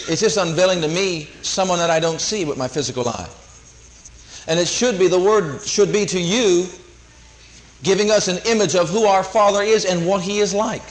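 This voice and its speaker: A man's voice: high voice, poor audio. A man preaching an emphatic sermon, repeating phrases and quoting scripture.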